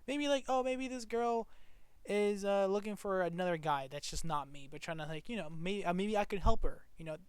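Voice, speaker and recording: A man's voice: high-pitched, brisk, few pauses, smooth, dry recording. A man telling a personal story to the camera in a casual, rambling way, full of restarts and swearing. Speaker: vlogger.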